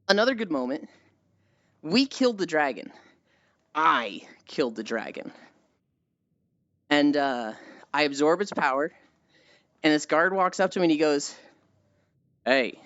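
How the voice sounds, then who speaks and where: Animated, lively-voiced woman streamer. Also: low voice, no echo, lo-fi sound. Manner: animated storytelling, swears often. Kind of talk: casual chat with viewers.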